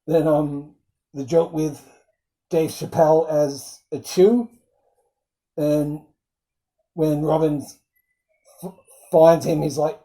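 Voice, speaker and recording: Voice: mid-range voice, fairly even intonation, unhurried, pauses often, mellow, low-quality recording. A film reviewer recapping scenes in casual chat, rambling with frequent ums and acting out quoted lines in bursts.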